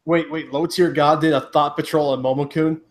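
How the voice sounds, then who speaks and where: Fairly high-voiced guy cohosting, giggly, keeps the chat moving. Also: fairly quick. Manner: giggly, animated, steers the topics. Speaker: podcast co-host. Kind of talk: casual drunk podcast chat.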